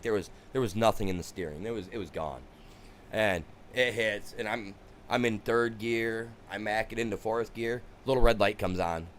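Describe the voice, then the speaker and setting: A lower-pitched man rambles through a personal story while he streams a game. His delivery is loose and conversational, with restarts and filler, and a faint noise floor sits under the recording. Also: a bit bright. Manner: rambling anecdotes with many restarts and "you know". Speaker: gaming streamer.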